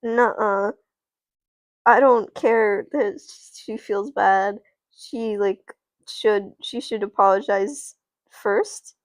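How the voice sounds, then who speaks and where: A woman voicing a stubborn schoolboy who protests loudly. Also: medium pitch, extremely slow, no room sound.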